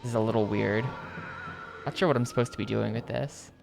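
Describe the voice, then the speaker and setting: A man's voice: fairly low pitch, fairly even intonation, brisk, gravelly, over music. A man streaming a video game, rambling casually and hedging with lots of "like" and "I think". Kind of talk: casual gameplay commentary.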